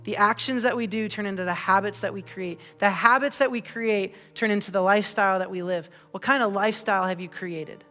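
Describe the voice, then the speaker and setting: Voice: medium pitch, steady tone, fairly quick, few pauses, bright, forceful tone, big-room sound, soft background music. A pastor giving a sermon, earnest and personal, with many rhetorical questions. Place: church auditorium.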